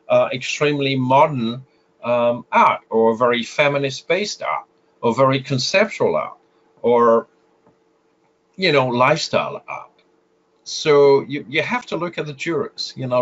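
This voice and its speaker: A man's voice: mid-range voice, fairly bright tone. A man with a French accent, a guest photographer giving advice in an interview, explaining with frequent filler sounds and restarts. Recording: slightly muffled lo-fi audio.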